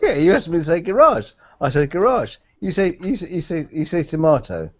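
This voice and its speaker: A man's voice: on the high side, sing-song, fairly quick, dry recording, muffled recording. A man who stammers and repeats words while joking in a casual group chat. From England.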